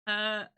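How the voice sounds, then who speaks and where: A young woman streaming live, chatting casually and emotionally, laughing and close to tears as she thanks her viewers. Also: pushed and bright.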